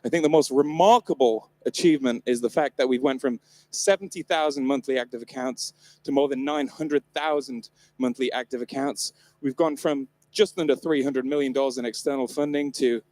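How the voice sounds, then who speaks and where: A man's voice: medium pitch, fairly quick, a little mellow, no echo. A man from the north of England giving a comedic keynote talk on stage at a live event, irreverent, joking and swearing freely. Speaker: conference presenter.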